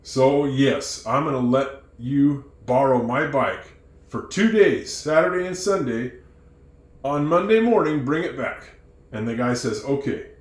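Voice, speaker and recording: A man teaching English who tells a moral story, acting out its characters with lively changes of voice. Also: mid-range voice, a little slow, roomy sound. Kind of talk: storytelling lesson.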